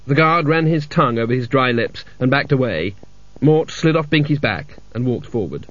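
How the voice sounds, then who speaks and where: A man narrating a comic fantasy novel as an audiobook in a dry, measured storytelling manner. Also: medium pitch, no echo. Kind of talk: scripted narration. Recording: dull lo-fi audiobook recording.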